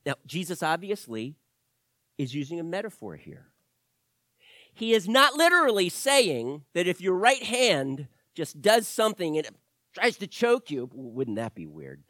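A middle-aged male pastor preaching a sermon to his church, swinging from loud emphasis to quiet asides, with self-deprecating humor. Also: a little high, sing-song, a little slow, no room sound.

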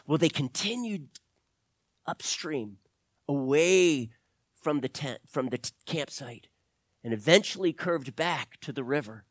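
A man's voice: on the high side, expressive, a little slow, dry recording. A man telling an adventure story expressively, sometimes dropping to a whisper.

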